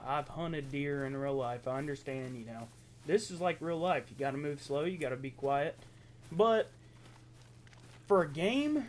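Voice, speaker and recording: A young man from southeastern Ohio with an Appalachian accent, chatting casually over gameplay, halting and full of ums. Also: a little high, a little hiss or hum. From southeastern Ohio, USA. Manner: rambling, halting, lots of ums and self-corrections. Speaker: gaming YouTuber.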